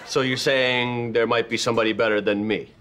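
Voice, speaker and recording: A man's voice: mid-range voice, fairly even intonation, fairly quick, noisy background, natural voice. Sitcom role: male actor as a vain, blunt music producer. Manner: blunt, curt and self-important. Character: cocky, vain adult male record producer. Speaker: music producer judging students. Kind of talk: sitcom acting.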